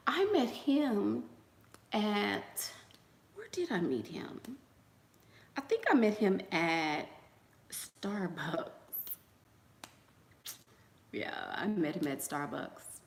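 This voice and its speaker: Her lowish, slightly bright voice swings widely in pitch, moving at a measured pace with long pauses in an echoey room. She's hosting a casual livestream, chatting with viewers and telling gossipy stories in which she acts out quotes, with plenty of fillers and trailing asides.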